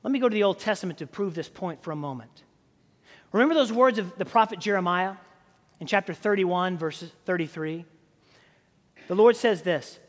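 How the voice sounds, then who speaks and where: A man preaching a sermon as pastor, telling stories in a relaxed, conversational way with frequent fillers and restarts. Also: high voice, moderate pace, pauses often, long reverb tail.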